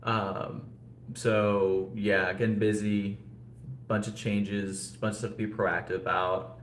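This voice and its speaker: A man's voice: fairly low pitch, level tone, slow pace, reverberant, slight background noise. A man casually chatting with viewers on a live stream, rambling with lots of fillers and no regional accent. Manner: rambling, talks to chat viewers, frequent fillers. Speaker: vlogger.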